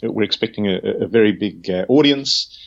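A man's voice: lowish voice, normal speed, dull audio. An Australian man, a guest who organises events for an atheist group, speaking courteously and earnestly in a casual chat.

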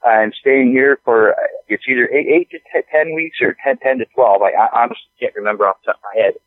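A man's voice: mid-range voice, no echo. Stammering man on a phone line. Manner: halting, stammering, repeats words. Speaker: podcast guest. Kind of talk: casual conversation. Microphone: phone call. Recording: tinny phone line, dry.

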